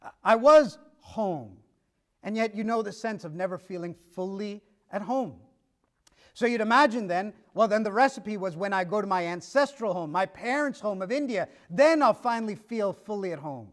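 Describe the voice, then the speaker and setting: A man's voice: high-pitched, lively intonation, moderate pace. A middle-aged man preaching, telling stories and acting out dialogue with shifts of pace and volume. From United States. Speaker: pastor. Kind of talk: sermon.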